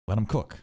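A man casually reacting to an anime episode, excitable, restarting his sentences, swearing and laughing often.

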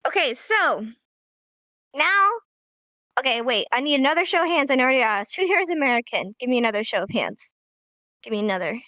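A woman's voice: sits high, expressive, fast talker, bright, forceful tone, dry recording. A woman teaching a live online sign language class in an upbeat, encouraging way, recorded as dull lo-fi stream audio.

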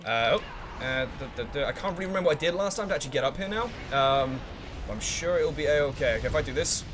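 A man commentating his own gameplay in a let's play, excitable and swearing freely, humming to himself while he thinks and shouting at the game characters. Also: fairly high pitch, fast talker, background noise.

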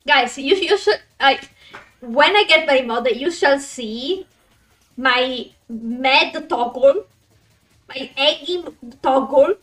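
High-voiced excitable woman streamer. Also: slow pace, far from the mic, soft background music. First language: Italian. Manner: excitable, swears, laughs often, chatty with viewers. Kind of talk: casual live-stream chat while gaming.

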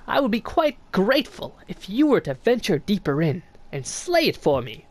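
A man's voice: high voice, big pitch swings, moderate pace, voice pushed up. Man doing a sly old snail shaman. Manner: theatrical, mock-gracious reading.

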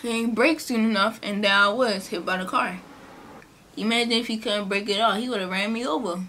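A woman's voice: a little fast, slight background noise. A young woman vlogger, chatting casually through a storytime and acting out the people in it. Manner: chatty, animated, acts out quotes in a higher voice. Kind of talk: casual storytime during a mukbang.

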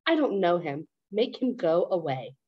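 A woman reading aloud, voicing a confused, sharp-tongued old grandmother who demands answers. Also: fairly low pitch, big pitch swings, moderate pace, breathy edge, lo-fi sound. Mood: hostile. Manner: indignant, demanding questions.

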